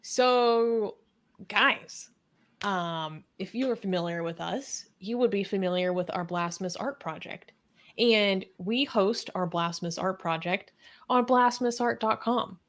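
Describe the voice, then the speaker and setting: A woman's voice: medium pitch, a little slow. A woman co-hosting a casual news talk show, dry and teasing, then reading headlines.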